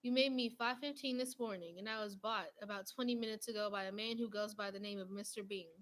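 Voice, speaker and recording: A woman's voice: steady tone, quick pace, a bit bright, close to an everyday voice. A woman voicing a fussy, indignant male talking doughnut in a read-aloud storybook. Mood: overly polite. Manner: polite, then shrill and outraged.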